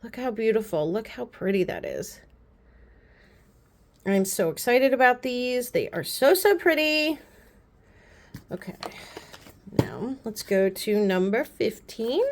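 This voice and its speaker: A woman vlogger chatting casually to the camera, gushing and rambling with quick asides. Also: on the high side, expressive. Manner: chatty and gushing, repeats "pretty" often. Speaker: beauty vlogger. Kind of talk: casual haul chat to camera.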